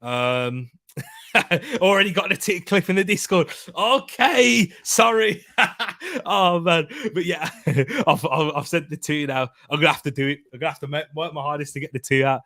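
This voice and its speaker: A man's voice: fairly high pitch, moderate pace, bright, forceful tone, dry recording, studio quality. A man co-hosting a football preview stream, chatting casually with viewers, laughing often and tripping over repeated words. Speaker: football preview show co-host.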